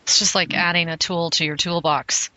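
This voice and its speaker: A woman's voice: on the low side, normal speed, no echo. A woman from Southern California in her forties, hosting an interview and telling stories with frequent laughs. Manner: lively storyteller, laughs often. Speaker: host. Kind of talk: chatty interview. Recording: dry muffled lo-fi audio.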